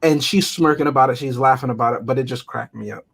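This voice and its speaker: A man with a husky, slightly breathy voice chats casually as a movie review co-host. He laughs often and throws himself into acting out lines from films. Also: mid-range voice, quick pace. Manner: animated, laughs often, theatrical quoting. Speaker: podcast co-host.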